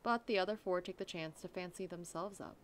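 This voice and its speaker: A woman's voice: fairly low pitch, fairly quick, a little hiss or hum. A young woman reading a visual novel aloud, often breaking off to laugh and comment on the story. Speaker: let's play narrator.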